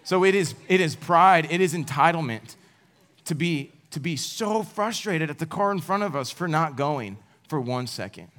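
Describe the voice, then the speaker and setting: A young man gives a talk to a room of college students. His style is relaxed and conversational. He teases himself as he makes his points and laughs along with his own stories. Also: on the high side, normal speed. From United States. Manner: casual, self-deprecating, with laughs. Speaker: campus speaker.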